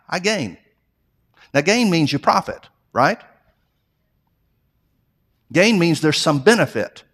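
A man preaches an earnest sermon in a slightly high voice. He restarts his phrases often and builds emphasis as he goes. His delivery is that of a pastor addressing his congregation. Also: fairly bright tone. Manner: repeats himself, restarts phrases.

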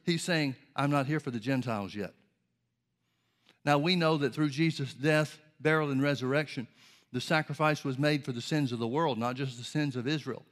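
A man preaching a sermon, explaining scripture in a measured way and reading old-style Bible verses aloud. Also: on the high side, a bit bright.

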